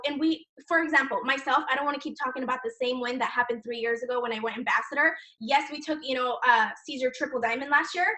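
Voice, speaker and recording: A woman's voice: sits high, sharp tone, recorded from a distance. A woman leading a sales team, chatting casually and enthusiastically, often saying "you guys" and swearing lightly. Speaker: team leader in direct sales. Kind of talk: casual motivational chat.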